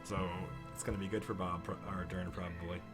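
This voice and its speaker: A man's voice: sits low, little pitch movement, over music. A man running a tabletop game as game master, voicing an irritated handler and laughing often. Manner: quick to laugh, swears.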